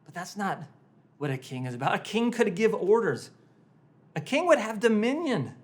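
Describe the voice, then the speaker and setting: A male pastor delivers a sermon, dramatically retelling a story as he swings from loud emphasis down to hushed tones, at times repeating words to press his point. His voice is high-pitched with big pitch swings, and he speaks at a moderate pace.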